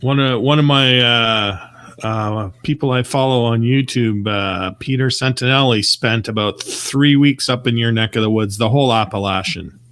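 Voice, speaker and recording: A man's voice: medium pitch, fairly bright tone, clean tone, no room sound. Joking man, dry sound. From Canada. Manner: curious, joking, halting. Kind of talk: casual chat.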